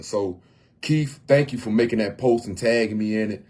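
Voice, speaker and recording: A man with a low, husky voice speaks on a casual livestream from home. He talks earnestly and circles back, repeating his phrases as he goes. His tone stays plain and personal. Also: normal speed, a little mellow. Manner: earnest, repeats himself often. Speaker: homeless outreach volunteer.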